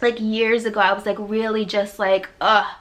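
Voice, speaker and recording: A woman's voice: level tone, moderate pace. A woman giving a motivational spiritual talk as a life coach, emphatic and repetitive with a chatty "like". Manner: emphatic and preachy, acting out God's voice with loud high swoops; repetitive, conversational, with frequent "like". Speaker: life coach and podcast host.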